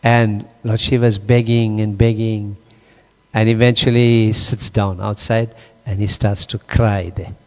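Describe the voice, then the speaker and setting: A man's voice: on the low side, unhurried. A man giving a scripture class, telling a story with animation and quizzing his listeners. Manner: animated, questions the audience. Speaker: class speaker. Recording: long hall reverb.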